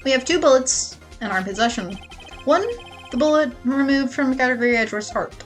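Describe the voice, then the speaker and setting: A woman's voice: high voice, fairly quick, faint music behind, lightly acted. A woman voicing an earnest young male defense attorney who lays out evidence steadily.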